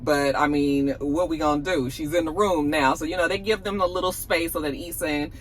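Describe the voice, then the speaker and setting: A woman's voice: sits low, steady tone, a little fast, slight background noise, rough recording. A woman recapping a TV episode in a chatty, slangy way, laughing often. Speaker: TV episode reviewer. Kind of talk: casual TV recap.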